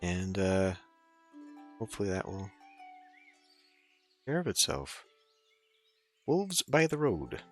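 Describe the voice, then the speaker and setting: A man narrates his gameplay in a relaxed, chatty way, thinking aloud with lively swings in pitch. Soft game music hums faintly behind him. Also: slow pace, long pauses. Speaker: let's play host. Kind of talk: casual gameplay commentary.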